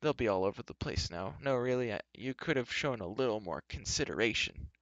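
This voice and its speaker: A man's voice: mid-range voice, lively intonation, brisk, fairly bright tone, no room sound, muffled recording. A man voicing a timid, gloomy male hermit who speaks in a dismal, anxious whine. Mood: fretful.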